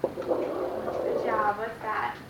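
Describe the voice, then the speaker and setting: A woman's voice: medium pitch, level tone, very slow. Young woman teaching small children. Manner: encouraging, laughs often, praises each answer. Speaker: student teacher. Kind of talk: classroom lesson with young children. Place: classroom. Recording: echoey classroom recorded from far off, background noise.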